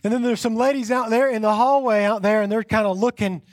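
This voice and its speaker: A young man, a pastor, preaching a sermon with an animated personal story and self-deprecating humor, often repeating his phrases. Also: high-pitched, fast talker. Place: church sanctuary.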